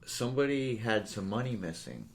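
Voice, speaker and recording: A man's voice: lowish voice, very animated, moderate pace, gravelly, over a noisy crowd. A man in his thirties, a podcast guest, chatting in a laid-back, profane way in a studio. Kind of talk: casual chat.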